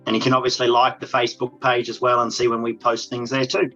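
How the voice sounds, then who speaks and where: Male co-host, casual chat, mid pitch, dull lo-fi recording, faint music. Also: monotone, quick pace, fairly bright tone. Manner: brief agreeing replies. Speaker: podcast co-host.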